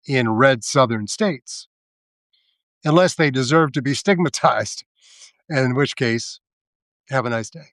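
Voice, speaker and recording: A man speaking slowly and haltingly in a casual political commentary, sardonic and full of fillers and restarts. His voice sits at a middle pitch, heard close and dry with no room sound. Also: dry recording. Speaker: live video host.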